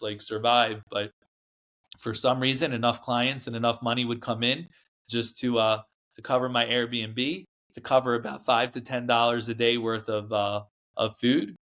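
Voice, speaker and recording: A man's voice: medium pitch, level tone, moderate pace, sharp tone. A man, a guest in an interview, recounting his past in a rambling, emphatic way, often acting out what others said. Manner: rambling, emphatic, acts out quoted dialogue. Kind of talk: candid storytelling interview.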